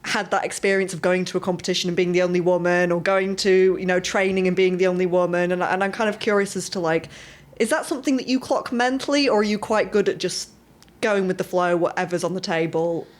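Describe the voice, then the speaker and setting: Woman podcast host, relaxed interviewer, supportive and laughing. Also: fairly low pitch, fast. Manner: encouraging, laughs often, many fillers. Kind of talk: casual interview chat.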